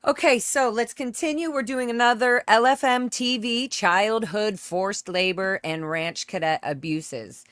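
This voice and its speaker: A woman's voice: fairly high pitch, unhurried, few pauses, fairly bright tone, no room sound. A woman hosting a casual livestream from home on a close microphone, chatting and greeting viewers by name. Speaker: livestream host. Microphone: close desk microphone.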